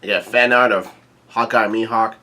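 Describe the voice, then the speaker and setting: A man giving a casual, laid-back read-through of a comic chapter, halting with many ums, uhs and restarts. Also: lowish voice, fairly even intonation, pushed and bright. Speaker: YouTube manga reviewer.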